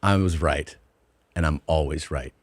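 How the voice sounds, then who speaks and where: Deep-voiced man ranting profanely. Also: unhurried, no room sound. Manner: profane, indignant storytelling. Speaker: podcast host. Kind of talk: casual podcast chat.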